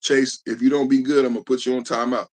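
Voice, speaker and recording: Casual joking podcast host. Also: male voice, medium pitch, level tone, fast talker, darkish tone. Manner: loose, joking, repeats "man" a lot. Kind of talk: casual live-stream chat.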